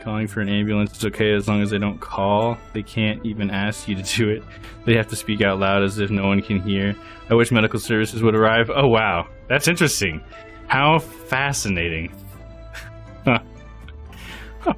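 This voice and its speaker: A man's voice: on the low side, normal speed, pauses often, fairly bright tone, soft background music. A man streaming a live game playthrough, thinking aloud, laughing often and hedging his opinions.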